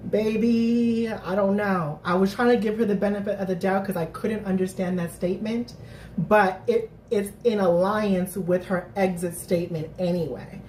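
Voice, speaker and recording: A woman hosting a live recap stream, chatting casually to her viewers, animated and thinking out loud with lots of restarts. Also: mid-range voice, moderate pace, a little hiss or hum. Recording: roomy, distant mic.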